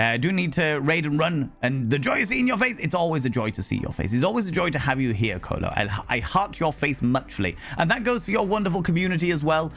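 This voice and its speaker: A man live-streaming and chatting to his viewers, loud, brash and theatrical, swearing freely. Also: medium pitch.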